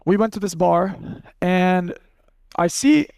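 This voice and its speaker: A man's voice: sits high, animated, slow, gravelly, darkish tone, clear, resonant tone, dry recording. A young man giving a casual seminar talk to an audience, blunt and profane, telling stories and acting out what people said. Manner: blunt, profane, storytelling with acted-out quotes. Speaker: speaker teaching a live audience.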